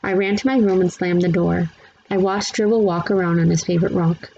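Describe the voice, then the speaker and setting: A woman reading a children's chapter book aloud in steady, plain narration. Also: fairly low pitch, fairly quick, muffled recording, slight background noise. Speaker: storybook reader.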